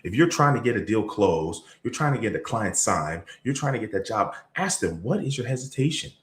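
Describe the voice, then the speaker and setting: Low-ish guy doing a hype sales talk, storytelling, pitch jumping around, roomy echo. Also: moderate pace. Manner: energetic storytelling, big pitch swings. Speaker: sales trainer. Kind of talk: motivational talk. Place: event room or video call.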